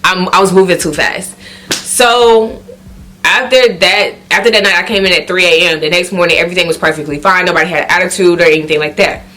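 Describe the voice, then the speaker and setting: Animated storytelling woman with Southern country accent. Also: brisk. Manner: animated storytelling, acting out quotes with high exclamations. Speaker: vlogger. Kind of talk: storytime vlog.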